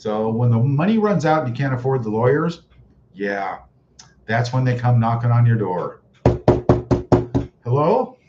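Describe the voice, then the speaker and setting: A man's voice: medium pitch, lively intonation, normal speed. A man chatting on a livestream, his talk sarcastic and full of mocking chuckles. The audio is dull and lo-fi, with a faint hiss behind him. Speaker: livestream host reading chat. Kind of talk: casual livestream chat.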